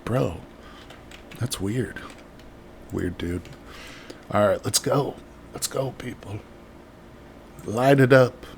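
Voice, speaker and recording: A man's voice: fairly low pitch, a little hiss or hum. A man doing live gameplay commentary and chatting with viewers in a jokey, rambling way, from a home streaming setup with the microphone very close to his mouth. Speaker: livestreamer.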